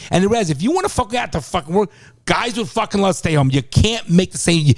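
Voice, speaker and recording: A man's voice: sits high, sing-song, fast talker. A middle-aged man co-hosting a casual podcast, ranting and swearing in exasperation. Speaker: podcast co-host, father. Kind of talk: casual chat.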